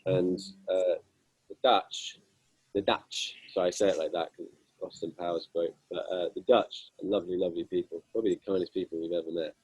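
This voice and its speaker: A young man with a husky voice, telling self-deprecating band stories with lots of fillers in a casual interview. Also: low-pitched, level tone, fairly quick, darkish tone, no room sound, rough recording. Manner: self-deprecating, amused, rambling with many fillers. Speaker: guitarist guest.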